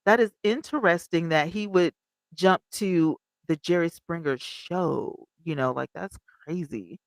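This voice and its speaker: A woman's voice: lowish voice, measured pace, no room sound, poor audio. A woman host from Alabama, chatting casually on a livestream, reading viewer comments aloud and laughing often. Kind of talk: casual live chat commentary.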